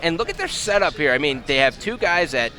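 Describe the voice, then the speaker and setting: A male esports analyst with a somewhat high voice breaks down map positions and rotations in a shooter match. He gets loud and excited when a big play lands, with game gunfire behind him. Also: fairly quick. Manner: explains tactics, excitable on big plays. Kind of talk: color commentary.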